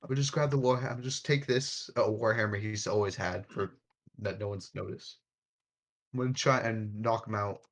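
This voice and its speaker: A man's voice: lowish voice, steady tone, normal speed. A man playing a tabletop game, talking casually and stammering hesitantly. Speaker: player.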